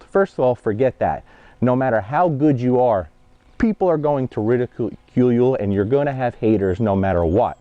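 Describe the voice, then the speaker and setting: A dog trainer talks plainly and directly, pausing every so often to check that viewers are following along. His mid-pitched voice comes through dull and muffled, as if from a half-broken mic. The sound is dry, with almost no room echo. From New Jersey, USA. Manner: direct, conversational, keeps checking in with "okay?" and "guys". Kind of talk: instructional vlog while training a dog.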